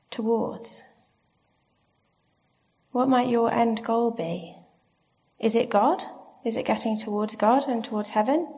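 Woman preaching in church, kinda gravelly, asks the congregation questions, recording a bit muffled. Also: fairly high pitch. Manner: gentle, reflective, asks the listeners questions. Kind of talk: sermon. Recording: slightly dull lo-fi sound.

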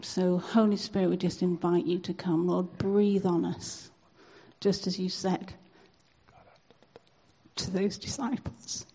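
Soft husky woman praying. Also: fairly low pitch, level tone, poor audio. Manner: soft, hesitant, halting with fillers. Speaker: church member leading prayer. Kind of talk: spontaneous prayer and sharing.

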